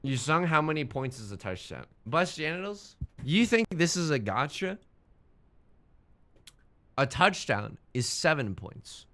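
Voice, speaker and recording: A man's voice: on the high side, big pitch swings, a little slow, fairly bright tone. A young man streaming a game, chatting casually in a rambling, self-mocking way and swearing when the game frustrates him. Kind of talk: casual gaming stream chat.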